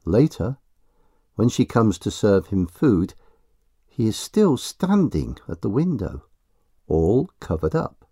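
Male storybook narrator, slow and lively in pitch, dry close recording. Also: breathy edge, dry recording. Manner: slow, expressive reading.

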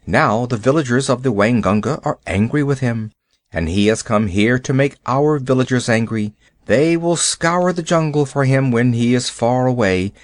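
A man voicing a calm, protective female wolf who speaks quietly and with dry irony in a storybook reading. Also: mid-range voice, dry recording, close to an everyday voice. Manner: quiet, measured, dryly ironic.

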